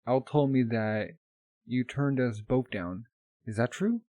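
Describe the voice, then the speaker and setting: Brief: gentle younger brother in armor, earnest, man's lightly raised voice. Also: medium pitch, slow pace, no echo, studio quality, natural voice.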